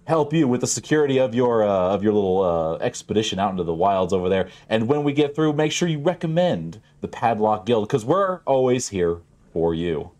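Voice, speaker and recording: An eager male padlock salesman in a tabletop role-play, pitching hard with plenty of fillers, as a man puts him on. His voice swings up and down in a lively way. He sounds keen to close every deal. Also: a little fast, hardly any pauses, soft background music. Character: pushy fast-talking male padlock salesman.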